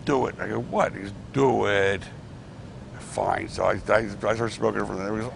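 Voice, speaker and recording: A middle-aged man, formerly a wrestling promoter, recounts backstage anecdotes in a rambling casual interview, with restarts and acted-out quotes. His lowish voice is gravelly and a bit bright at normal speed. He's on a clip-on mic with slight background noise.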